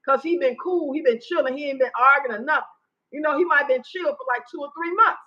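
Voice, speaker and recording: Loud, blunt woman livestreaming. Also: high-pitched, a little fast, lo-fi sound. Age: 50s. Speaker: livestream host. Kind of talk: casual live chat.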